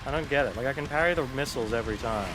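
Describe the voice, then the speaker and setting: A man's voice: medium pitch, racing, over music. A man hosting a casual gaming chat while he plays, rambling and hedging his words with laughs. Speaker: gaming channel host.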